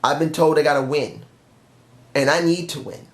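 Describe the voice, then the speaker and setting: A man's voice: a little high, steady tone, moderate pace, close to an everyday voice. A man voicing a frustrated male wrestler who earnestly pleads for a title shot, in a roomy-sounding recording. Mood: resolute. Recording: roomy echo.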